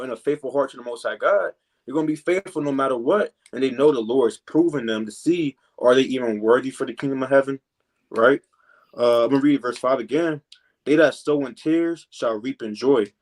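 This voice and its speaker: Preaching in an easygoing way, a medium-pitched man teaches from the Bible, padding his pauses with "you know" and "man." When he reaches the verses, he reads them slowly and with deliberate care.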